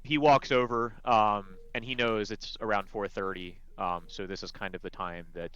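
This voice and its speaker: Deep-voiced man describing his character. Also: steady tone, moderate pace, fairly bright tone, clear, resonant tone, lo-fi sound. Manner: hesitant, many ums and restarts. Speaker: player. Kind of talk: describing his character's actions in a tabletop game.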